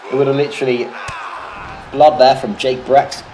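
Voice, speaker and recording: A man's voice: mid-range voice, little pitch movement, moderate pace, warm tone, faint music behind, a faint crowd, low-quality recording. A British man doing casual, rambling solo play-by-play commentary of a wrestling video game, swearing freely and drifting into jokey tangents.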